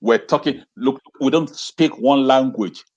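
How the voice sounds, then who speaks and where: With the highs cut off in the audio, a male educator speaks as an interview guest on a video call at a measured pace in a mid-range voice. He talks with passion, repeating phrases and asking rhetorical questions.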